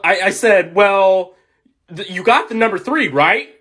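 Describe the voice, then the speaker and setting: A young adult, a former fast-food worker, telling a story in an animated, outraged way. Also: mid-range voice, breathy edge. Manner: animated, outraged, bursts into shouts. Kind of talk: casual storytelling.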